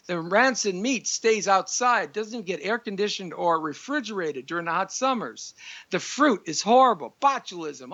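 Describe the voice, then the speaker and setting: A man's voice: high voice, pushed and bright, dull audio. A man hosting a live talk show, ranting in a frustrated monologue.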